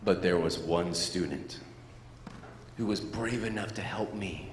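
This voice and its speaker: A middle-aged man giving a playful, animated storytelling speech to students as a motivational speaker, in a large school hall. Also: low voice, unhurried. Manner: animated, playful, acts out sound effects. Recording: echoey hall with faint room noise.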